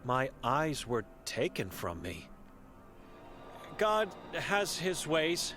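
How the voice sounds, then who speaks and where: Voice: medium pitch, sing-song, very slow, a bit bright, heavily acted. A voice actor playing a blind, mute old woman hermit in a video game, speaking in terse, broken, solemn sentences. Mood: grim. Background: game music.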